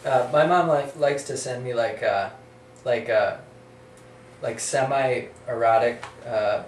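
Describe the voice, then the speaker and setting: A man's voice: mid-range voice, slow pace, far from the mic, a little hiss or hum. Hesitant man, roomy off-mic sound. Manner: hesitant, lots of fillers. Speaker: band guest. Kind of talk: casual chat.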